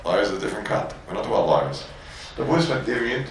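Fast-talking and sing-song, this man's lowish, gravelly voice fills a Torah class he gives to yeshiva students in Borough Park, New York. He's a rabbi who repeats words, acts out quotes, and uses plenty of Yiddish and Hebrew terms. The poor recording is very echoey, picked up far from the mic with a little hiss or hum.

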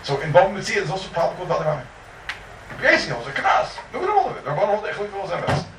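Animated man teaching Talmud from afar. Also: sits high, racing. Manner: animated, sing-song, rhetorical questions. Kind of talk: yeshiva-style Talmud lecture. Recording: echoey room heard from far off, faint noise.

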